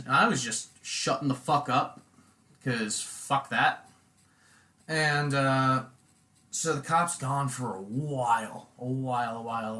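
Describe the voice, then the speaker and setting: A young man telling a rambling, profane story on a casual podcast, acting out quotes loudly. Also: medium pitch. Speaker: podcast host.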